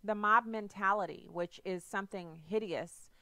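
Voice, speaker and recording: A woman's voice: mid-range voice, normal speed, bright, forceful tone, no room sound. A woman hosting a political talk radio show, retelling news stories in a conversational way with asides.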